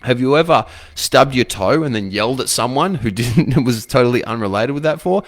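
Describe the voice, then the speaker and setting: A man's voice: mid-range voice, animated, brisk. A man coaching other men with blunt, profane advice, firing off rhetorical questions. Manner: blunt, swears freely, asks rhetorical questions. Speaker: men's coach. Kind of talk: motivational advice talk to camera.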